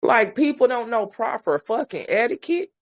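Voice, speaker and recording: A woman's voice: fairly high pitch, big pitch swings, normal speed, muffled recording. Blunt, profane woman ranting. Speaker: host. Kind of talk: casual ranting commentary.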